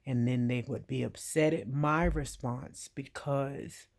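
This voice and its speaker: Slow, low-voiced woman giving earnest advice. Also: steady tone, gravelly, a little mellow. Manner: direct, emphatic, talks straight to the viewer. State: getting emotional. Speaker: veteran vlogger giving advice.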